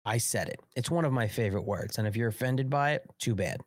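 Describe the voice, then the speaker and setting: A man's voice: medium pitch, fast, no room sound. Profane, ranting man in his forties. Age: 40s. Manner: profane, unfiltered angry rant. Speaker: host of a political live show. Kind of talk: live online political commentary.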